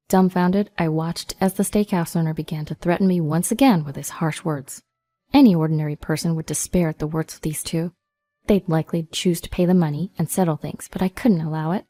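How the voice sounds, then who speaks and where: A woman narrating a first-person story in an even, measured reading voice. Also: on the low side, no room sound.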